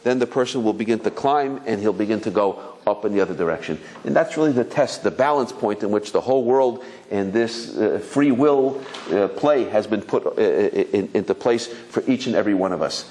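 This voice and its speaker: Lowish in pitch and a little fast, barely pausing, a fifties-aged rabbi tells stories in his Torah talk, frequently starting over and animatedly performing the voices of the people involved.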